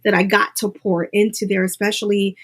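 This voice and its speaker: A middle-aged woman as an interview guest, earnestly telling a personal story and mimicking others in high voices. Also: little pitch movement, brisk, fairly bright tone, husky. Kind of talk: interview conversation.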